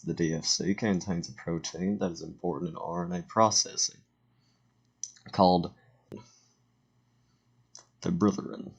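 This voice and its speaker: A teenage boy giving a casual slideshow voiceover for a school presentation, halting and self-correcting, with joking asides. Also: low voice, steady tone, creaky, breathy edge. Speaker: student presenter.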